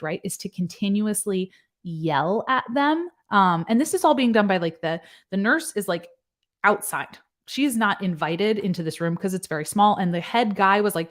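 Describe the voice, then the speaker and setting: A woman with a somewhat low voice talks as a nurse in casual commentary. She explains medical points in plain, everyday terms, like she is walking a friend through them. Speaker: nurse reacting to a news case.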